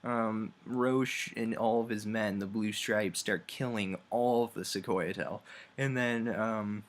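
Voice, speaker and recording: Young male game reviewer, lowish voice, rambling casual recap with crude jokes. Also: steady tone, slow. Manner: loose and offhand, heavy on fillers and crude asides.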